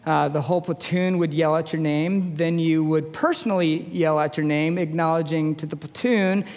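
A man in his forties with a high voice delivers a storytelling sermon as a chaplain. He talks conversationally and pokes fun at himself. His voice rings through the long reverb of a large hall. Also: steady tone, moderate pace, darkish tone. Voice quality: high-pitched voice. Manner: conversational, self-deprecating humor. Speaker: chaplain preaching.

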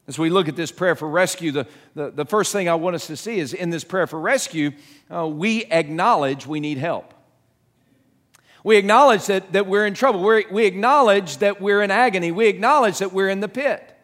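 A middle-aged man preaches a sermon in an earnest, halting way, restarting his phrases and putting questions to the listeners. His voice sits high for a man. A long reverb from the hall trails each phrase. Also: fairly bright tone. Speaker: pastor.

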